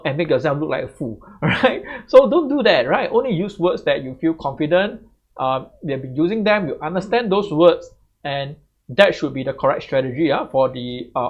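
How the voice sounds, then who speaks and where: A man giving exam tips as a tutor, in a chatty way that keeps checking back with "right?". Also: on the high side. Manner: conversational, tags sentences with "right?". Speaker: English tutor. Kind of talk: exam tips lesson to camera. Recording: slightly muffled lo-fi audio.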